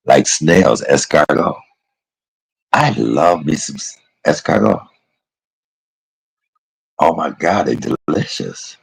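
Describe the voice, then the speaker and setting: A man's voice: a bass voice, expressive, measured pace, gravelly, few pauses, husky, poor audio. A man chatting casually and rambling on a livestream, calling his viewers y'all and baby. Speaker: live streamer.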